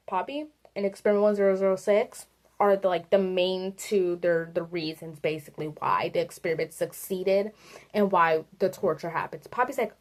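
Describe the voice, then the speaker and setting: A woman giving a casual, animated rant about a video game to her viewers, swearing and addressing them directly. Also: on the low side, normal speed. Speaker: video creator.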